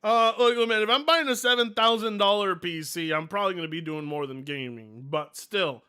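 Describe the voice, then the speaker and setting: A man streaming live, reacting to videos with loud, mocking commentary, yelling and laughing at what he watches. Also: high voice, moderate pace, clean tone.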